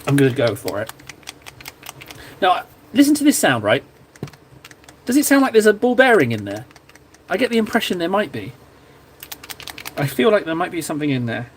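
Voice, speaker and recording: A man's voice: a little high, very animated, normal speed, long pauses, a little hiss or hum. Chatty man rambling while painting. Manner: rambling, self-deprecating, easily sidetracked. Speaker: livestream host painting miniatures. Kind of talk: casual chat while painting.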